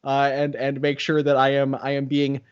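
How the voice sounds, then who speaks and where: A man actor talking about his role over a video call, halting and self-deprecating, with many restarts. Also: mid-range voice, completely flat delivery, clear, resonant tone, highs cut off. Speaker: stage and voice actor.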